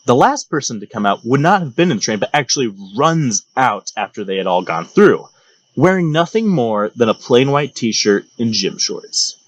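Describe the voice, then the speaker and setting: A man's voice: mid-range voice, sing-song, normal speed, no echo, lo-fi sound. A young man hosting a comedic storytelling monologue, mock-grand and sarcastic in his telling, recorded close on a dry mic. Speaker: storytelling channel host.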